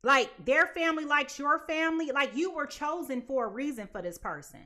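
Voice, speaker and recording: Lively high-voiced woman reading tarot. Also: a little fast. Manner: animated, chatty, acts out quoted voices. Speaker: tarot reader.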